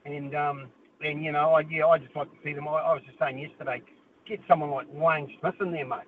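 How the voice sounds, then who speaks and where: A man's voice: a little high, steady tone, fairly quick. A man from New Zealand with a New Zealand accent, calling in to a sports radio show and rambling, with "mate" in most lines. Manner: rambling, says "mate" often. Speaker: caller. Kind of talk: talkback call. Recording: tinny phone line with faint noise.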